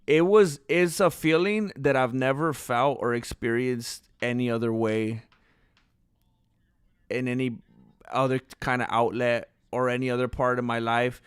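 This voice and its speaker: A man's voice: mid-range voice, fairly even intonation, measured pace, smooth, no echo, clean studio sound. A man hosting his channel, chatting casually and rambling with lots of fillers and restarts, hiccuping and burping as he talks. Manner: rambling, self-deprecating, many fillers and restarts. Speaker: channel host. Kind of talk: casual livestream chat.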